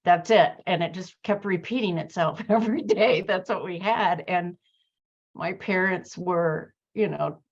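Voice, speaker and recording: A woman's voice: fairly low pitch, unhurried, dull audio. A woman hosting a conversation who tells a personal story, reflective and full of fillers and restarts. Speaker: host. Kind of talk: conversational interview chat.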